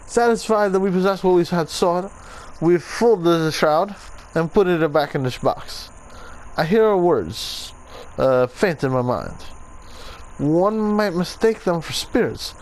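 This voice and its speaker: A man's voice: on the high side, a little mellow, a little hiss or hum, low-quality recording. A man voicing a solemn male Italian assassin reading his journal, in a put-on Italian accent.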